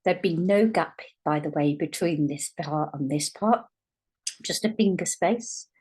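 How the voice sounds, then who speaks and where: A woman teaching a writing lesson, speaking patiently and dictating words slowly as she writes them out. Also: low-pitched, a little mellow, slightly rough. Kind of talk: dyslexia writing lesson, thinking aloud while writing.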